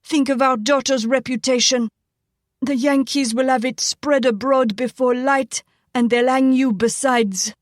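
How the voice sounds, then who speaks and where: A woman's voice: sits high, fairly even intonation, a little slow, no room sound, studio quality, voice pushed up. A woman voicing a flustered middle-aged mother who soothes and pleads with her husband. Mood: coaxing.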